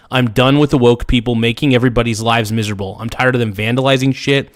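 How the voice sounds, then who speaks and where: A man in the middle of a fired-up commentary rant, heated and insistent. His voice sits at an ordinary middle pitch, and he keeps repeating and restating his points. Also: steady tone, quick pace, hardly any pauses. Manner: angry, ranting, repeats himself. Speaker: show host reacting to footage.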